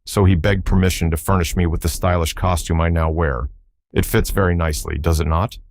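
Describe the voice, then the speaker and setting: A man's voice: sits low, fairly even intonation, fairly quick, a little mellow, no echo, studio quality. A man voicing a pompous, learned male insect who talks in long, formal, self-admiring sentences.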